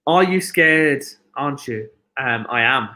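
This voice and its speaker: A man with a Birmingham accent hosting a live football watchalong, chatty and excitable, often shouting at the match. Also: medium pitch, unhurried. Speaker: stream host.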